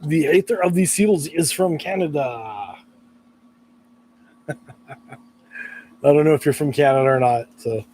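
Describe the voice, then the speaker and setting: Hoarse chatty man, light voice. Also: a little high, a little slow, pauses often, dark tone, slight background noise. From California. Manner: chatty, laughs often, rambling. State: hoarse from allergies. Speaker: live streamer. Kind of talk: casual live-stream chat.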